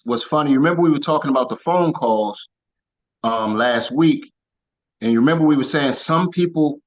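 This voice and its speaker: A man in casual chat on a group call, speaking haltingly and restarting his phrases. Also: on the high side, a bit bright, muffled recording. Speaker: regular team member.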